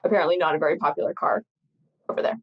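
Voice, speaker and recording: A woman's voice: sits low, racing. A woman co-hosting a podcast in casual chat, tired from travel, rambling and laughing often. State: tired, jet-lagged. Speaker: podcast co-host. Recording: slightly dull lo-fi sound.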